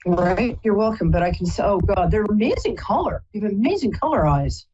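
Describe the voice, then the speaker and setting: Woman, psychic reader, live call-in show, husky, rambling, apologetic, dull lo-fi audio. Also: mid-range voice, lively intonation, brisk, dark tone. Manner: chatty, rambling, often apologizing.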